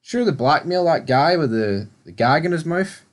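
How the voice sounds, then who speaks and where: A man, co-hosting a casual review podcast, recapping scenes in a relaxed way with sweary asides. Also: on the high side, normal speed. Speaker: podcast co-host.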